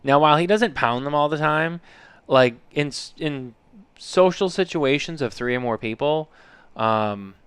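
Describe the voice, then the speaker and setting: A man's voice: a little high, measured pace, fairly bright tone, clean tone, no room sound. A man in his thirties co-hosting a podcast, telling a rambling story in casual chat, swearing freely and filling his talk with "like" and "you know". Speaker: podcast co-host.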